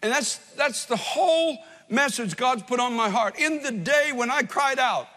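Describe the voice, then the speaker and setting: Impassioned high-voiced male preacher. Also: expressive, moderate pace, big-room sound. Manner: impassioned, swells from hushed to loud. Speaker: pastor. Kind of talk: sermon.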